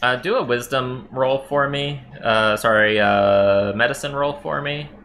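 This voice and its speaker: A man serving as game master, narrating a tabletop game in a relaxed, chuckling way with many fillers. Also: mid-range voice, unhurried, a little hiss or hum.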